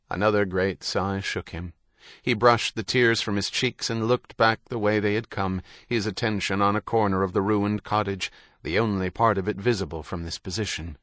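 Guy reading a novel aloud, steady and measured, lowish voice, super dry mic. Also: no room sound. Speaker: audiobook narrator. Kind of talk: scripted narration.

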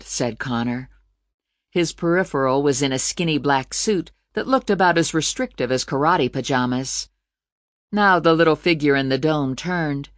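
An audiobook narrator reading a novel in measured, scripted narration. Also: medium pitch, no echo, studio quality.

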